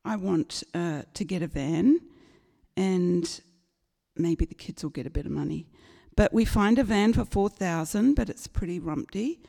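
A woman's voice: lowish voice, measured pace, vocal fry. New woman telling a funny story. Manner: lively, animated, acts out the people in her story. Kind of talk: humorous personal storytelling. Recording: long reverberant hall.

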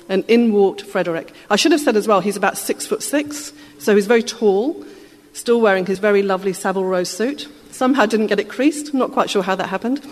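A woman tells an anecdote to a live audience, lively and amused, in a plain conversational way. Her voice sits at a middle pitch for a woman. The sound rings with a long reverb, as in a large hall. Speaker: storyteller.

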